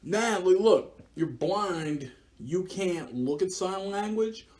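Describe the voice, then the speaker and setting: Young male podcast co-host, Philly accent, swears and laughs freely, slightly high voice. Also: expressive, slow, a little mellow. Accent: Philadelphia. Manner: loose, profane, laughs a lot. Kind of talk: casual chat.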